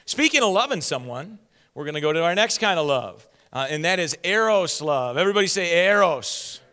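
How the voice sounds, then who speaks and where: A man's voice: on the high side, very animated, fairly quick, pushed and bright, big-room sound. A man preaching a sermon to a congregation, joking with them and laughing at himself as he teaches. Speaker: pastor. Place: church sanctuary.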